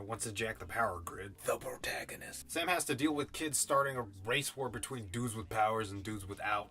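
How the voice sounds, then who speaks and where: A man's voice: medium pitch, a bit bright. A man giving a casual, rambling audiobook review, full of swearing and slang. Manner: profane, slangy, rambling tangents. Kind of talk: casual spoken book review.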